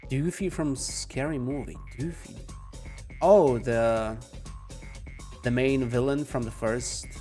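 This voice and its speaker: Calm, slow-talking man streaming a game. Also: medium pitch, soft background music. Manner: calm, soft-spoken, chatting with viewers. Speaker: gaming streamer. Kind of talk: casual live game commentary. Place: home room.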